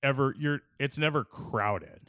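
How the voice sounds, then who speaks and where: A man's voice: medium pitch, measured pace, a bit bright, smooth, no echo, clean studio sound. A young man telling stories in a casual chat, laid-back, full of "like" and "dude".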